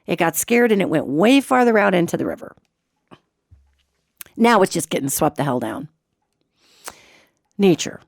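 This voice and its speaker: Woman, middle-aged, radio host, lively storytelling, wide pitch swings, dry close sound. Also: moderate pace, creaky, long pauses, no echo. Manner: expressive, swoops in pitch, imitates sounds. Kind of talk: animated personal storytelling.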